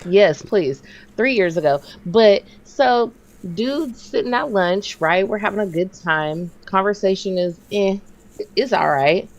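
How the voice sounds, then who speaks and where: A woman in her thirties co-hosting a podcast, telling a story in casual chat and jumping her pitch to act out what others said. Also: measured pace, lo-fi sound. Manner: animated, acts out quotes with big pitch jumps. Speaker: podcast co-host.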